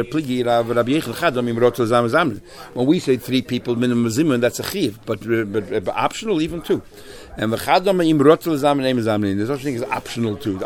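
A man leading a Talmud class, explaining texts in a loose, animated way with many restarts and Hebrew and Yiddish terms. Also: mid-range voice. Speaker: Talmud teacher.

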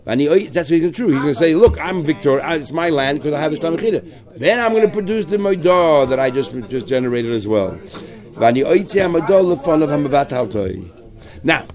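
A man leads a Talmud study class at a fast clip. He reads terms and lines in the original and explains them in English, voicing each party in the case as he goes. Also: on the high side, darkish tone. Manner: rapid, mixing Hebrew-Aramaic terms with English, quotes lines. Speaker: Talmud teacher.

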